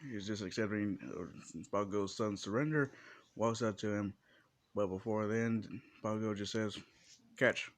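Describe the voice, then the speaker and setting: Guy telling a fan story, slow and swearing a lot, lowish voice, super dry sound. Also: steady tone, no room sound. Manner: rambling, profane, with restarts. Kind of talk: casual fan-fiction storytelling.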